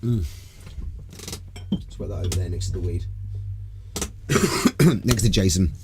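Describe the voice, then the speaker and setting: A man's voice: low-pitched, expressive, takes it slowly, heavy background noise. A man hosting a casual live stream, rambling loosely from topic to topic and swearing freely. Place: home room.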